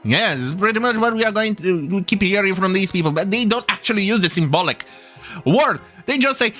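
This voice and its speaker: A man's voice: sits high, animated, brisk, pushed and bright, faint music behind. A man hosting a commentary video, ranting with heavy swearing and scorn, often stumbling and restarting his sentences. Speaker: commentary channel host.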